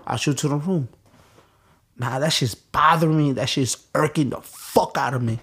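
A man's voice: fairly high pitch, moderate pace, fairly bright tone, husky. A man from Chicago telling a personal story in an interview, with restarts and blunt, profane street talk. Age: adult. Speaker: interview guest.

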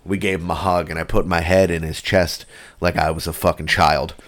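Podcast co-host, male, very low voice, animated swearing storyteller, casual chat. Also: fairly quick. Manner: animated storyteller, swears a lot, acts out quotes.

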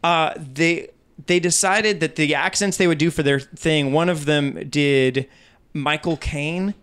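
A man's voice: a little high, a little slow, a bit bright, smooth. A young man co-hosting a casual podcast chat, telling a story in a rambling way with lots of ums and uhs. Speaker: podcast co-host.

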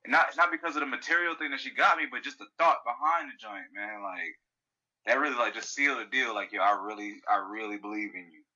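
Very bright-voiced man, rambling and reflective. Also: mid-range voice, fast talker. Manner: rambling, heavy fillers like "you know". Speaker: podcast co-host. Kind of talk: casual chat. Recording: dull lo-fi sound.

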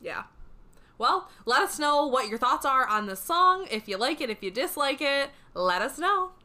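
A woman co-hosting a casual music review chat, talking excitedly with lots of "like" fillers. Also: high voice, moderate pace. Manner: excited, gushing, many "like" fillers. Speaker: co-host reviewing songs.

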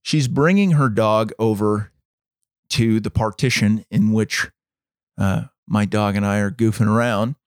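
A podcast co-host with a low voice tells a story in casual chat, measured and dramatic, acting out the quoted voices. His tone is clean, with clean studio sound and no room sound.

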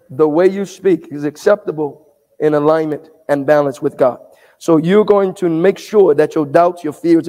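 This pastor's voice is notably high as he delivers a call-and-response sermon, asking the congregation questions for them to answer. His voice rises into shouts at points and echoes with the long reverb of a big sanctuary.

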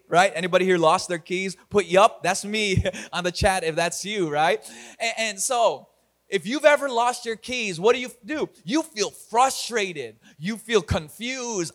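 Upbeat male pastor with a high voice, preaching to an online congregation with energy and humor. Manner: energetic, talks to online viewers, laughs at himself. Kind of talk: online church sermon.

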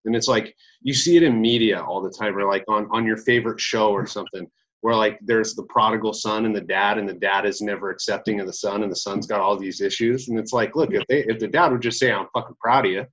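Low-voiced man rambling on a dull recording. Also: fairly even intonation, fast, a bit bright, husky. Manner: rambling, lots of fillers like "you know" and "like". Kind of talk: casual podcast chat.

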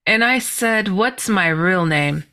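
Woman guest on a podcast, bright clear voice, excitable storyteller, lots of laughing. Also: mid-range voice, takes it slowly. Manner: animated, laughing, exclaiming. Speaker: guest author. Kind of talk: personal storytelling.

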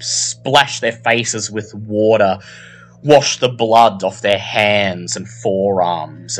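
A man narrating a horror tabletop game as game master, in unhurried, descriptive tones. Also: lowish voice, fairly bright tone.

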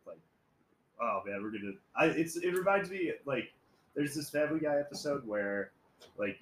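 This co-host's voice is mid-range, with lively intonation and a moderate pace. He's a young man swapping rambling, foul-mouthed stories on a casual podcast, laughing as he goes, recorded in an echoey space with slight background noise.

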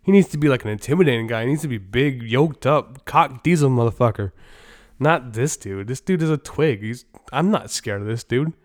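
A man's voice: mid-range voice, expressive, normal speed, no room sound, clean studio sound. A man hosting a casual movie review podcast, talking in a blunt, opinionated and joking way, with some swearing. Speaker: podcast host.

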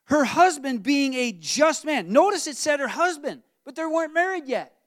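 Preaching a sermon to his congregation, a male pastor speaks at normal speed in a voice that sits high for a man. He tells the story with animated asides and keeps asking the room questions, and the sound is dry and close, with no room sound.

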